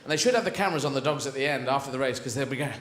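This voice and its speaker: A British stand-up comedian performs rapid-fire on a theatre stage, his mid-range voice theatrical and rambling as he jumps into silly character voices. The live recording is roomy, with background noise and a loud audience.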